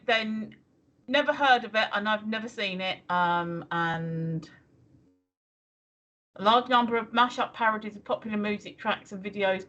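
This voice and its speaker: A bright, high-pitched woman chats casually as co-host of a livestream, giggling often and reading out viewer messages. Her voice comes through dull, lo-fi stream audio. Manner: chatty, giggly, reads viewer messages aloud. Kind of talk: casual chat.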